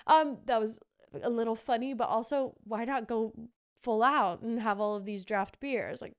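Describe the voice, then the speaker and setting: This young woman hosts a podcast, her voice on the high side and her pace moderate. She chats casually and gushingly about theater shows, with plenty of fillers.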